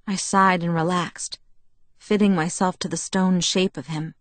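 A woman's voice: on the low side, measured pace, no echo. Woman narrating a first-person audiobook. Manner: even, intimate storytelling.

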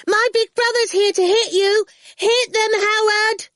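A spoiled eight-year-old girl with a piercing, demanding shriek. The voice sits very high and swoops with lively energy. It is close and dry. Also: slow pace, dry recording, heavily acted. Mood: gleeful.

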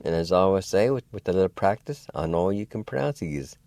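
A man hosting a radio language lesson, slowly spelling words out letter by letter and sounding out syllables in an encouraging, folksy way. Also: low voice, expressive, a little mellow, no echo. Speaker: radio host and language teacher.

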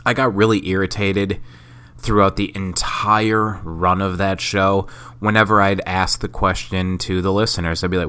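Sick male podcaster, solo rambling monologue, swears and mocks himself; bright, edgy, low-pitched voice. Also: level tone, normal speed, clear, resonant tone. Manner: rambling, profane, self-mocking. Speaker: podcast host.

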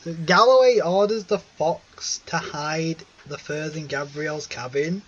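A man's voice: fairly high pitch, a little slow, fairly bright tone, lo-fi sound, a little hiss or hum. A man co-hosting a film podcast in casual chat, chatty and detail-focused, often giggling. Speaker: podcast co-host.

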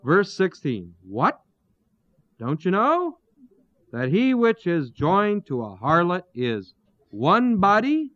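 A man teaching through a Bible passage verse by verse, pausing to explain terms and asking his listeners rhetorical questions. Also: high voice, wildly swooping pitch, a bit bright, no echo. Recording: dull, lo-fi dry recording.

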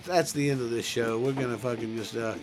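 A man's voice: mid-range voice, fairly even intonation, a little fast, faint music behind. A middle-aged man co-hosting a podcast, trading crude jokes and laughing often. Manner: laughs often, profane and joking. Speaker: podcast co-host. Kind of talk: crude casual banter.

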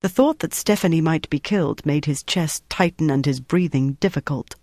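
A narrator reading a novel in steady, scripted storytelling. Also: medium pitch, normal speed, dry recording, clean studio sound. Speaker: audiobook narrator.

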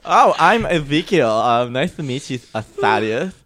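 A man's voice: mid-range voice, big pitch swings, unhurried, very noisy. Man playing a timid young partygoer. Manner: hesitant, polite, stumbling over words. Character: naive polite young man at his first party. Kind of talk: improvised comedy sketch.

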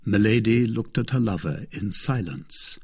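A man narrating a classic novel as an audiobook in a measured, expressive way. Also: on the low side, breathy edge. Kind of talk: scripted narration.

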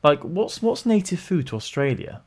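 Curious young British man, lively voice. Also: a little high, moderate pace, crowd noise. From Britain. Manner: curious, questioning, giggly. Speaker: podcast co-host. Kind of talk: casual chat.

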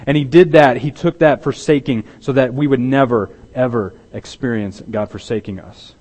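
A man preaching a sermon as pastor, emphatic and repeating words, swinging between loud stress and hushed intensity. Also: a little high, fairly quick, hardly any pauses. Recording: long hall reverb.

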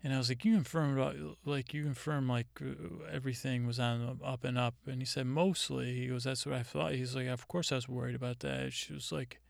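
A man tells a comedy story in a halting, deadpan ramble, stammering and restarting as he quotes both sides of a conversation. His voice is low-key and gravelly, held to a flat, narrow pitch. The sound is dry and close, with no room echo. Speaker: comedy podcast host.

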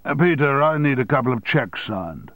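A man reading an audiobook and voicing a blustering, domineering male newspaper owner who talks loudly and impatiently. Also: sing-song, moderate pace, no echo. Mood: triumphant. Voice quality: loud, booming. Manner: bullying, impatient.

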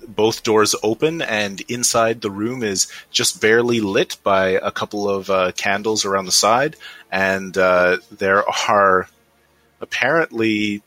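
A man's voice: lowish voice, bright, forceful tone, no room sound. A man narrating as game master of a tabletop game, hesitant and full of fillers.

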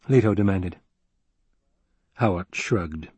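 A man reading an audiobook in an even, restrained way. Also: on the low side, normal speed, breathy edge, no room sound. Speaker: audiobook narrator. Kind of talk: scripted narration.

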